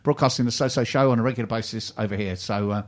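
A man's voice: mid-range voice, fast talker, slight background noise. A man co-hosting a local radio show, chatting casually and reading out what's coming up, full of ums and restarts. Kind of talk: casual radio chat and station announcements. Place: radio studio.

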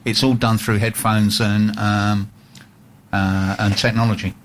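Cockney guy on the radio, bit low, telling jokey stories. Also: little pitch movement, unhurried, a little hiss or hum. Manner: jokey, storytelling. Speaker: radio co-host. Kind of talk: casual radio chat.

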